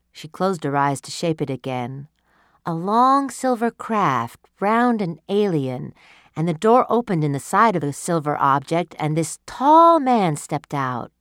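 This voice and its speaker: A woman narrating a story in a measured, expressive way. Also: lowish voice, dry recording, clean studio sound.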